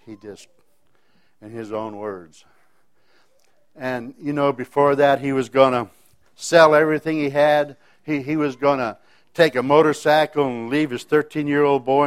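A man with a clear, resonant, medium-pitched voice gives a personal faith testimony at a moderate pace and steady tone. His account is folksy and meandering, full of restarted sentences.

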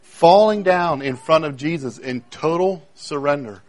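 A man preaching a sermon, emphatic, repeating key phrases and swinging between loud declarations and hushed moments. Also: on the high side, unhurried. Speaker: pastor.

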